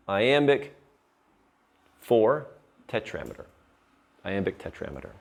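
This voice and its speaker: Male teacher, unhurried classroom lecture, keeps checking in with "right?". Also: medium pitch, big pitch swings, gravelly. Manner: slow, patient, checks in with "right?".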